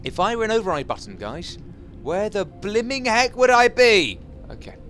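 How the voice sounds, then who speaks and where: A man giving jokey, excitable commentary as he plays a video game, chatting to his viewers and taunting enemies. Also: sits high, moderate pace, soft background music. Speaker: gaming YouTuber. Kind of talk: casual Let's Play commentary.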